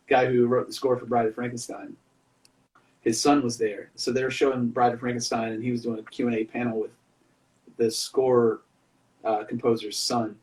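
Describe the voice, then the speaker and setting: A man's voice: mid-range voice, a little mellow. Man, mid-range voice, loose rambling storyteller in casual chat, slightly distant from the mic. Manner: rambling storyteller, lots of dude and man fillers.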